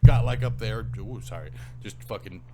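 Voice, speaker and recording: A man's voice: lowish voice, moderate pace, mellow. A young man from the Pacific Northwest co-hosting a podcast, telling a story in a casual chat, laughing often and swearing freely. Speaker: podcast co-host.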